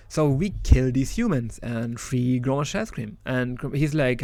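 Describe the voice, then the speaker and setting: A man's voice: medium pitch, expressive, unhurried, hardly any pauses, dark tone, no room sound. A man casually reviewing an old strategy game, chatty and enthusiastic with many restarts.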